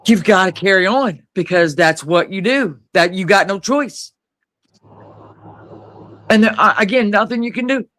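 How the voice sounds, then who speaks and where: A man's voice: high-pitched, measured pace, long pauses, fairly bright tone. A man hosting a live stream discussion, impassioned, grieving and swearing freely.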